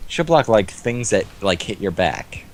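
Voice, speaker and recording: A man's voice: lowish voice, sing-song, measured pace. A man chatting casually beside a friend's gameplay, telling rambling stories and cracking jokes. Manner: joking, rambling storyteller. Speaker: co-commentator. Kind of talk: casual chat over gameplay.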